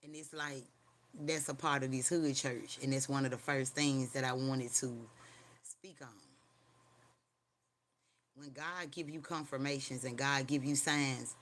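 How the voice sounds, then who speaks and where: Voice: medium pitch, fairly even intonation, unhurried, pauses often, a bit bright, slight background noise. Rambling slangy livestream host. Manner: rambling, slangy and profane, keeps asking viewers "you hear me?". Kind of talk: casual livestream storytelling and preaching. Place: at home.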